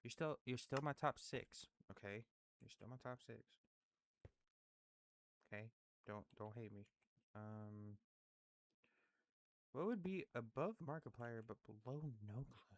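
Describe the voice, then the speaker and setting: A man's voice: mid-range voice, expressive, a little slow, long pauses. A man in casual rambling commentary, thinking aloud and apologizing often as he ranks favorite creators, full of fillers and restarts. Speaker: YouTuber ranking favorite creators.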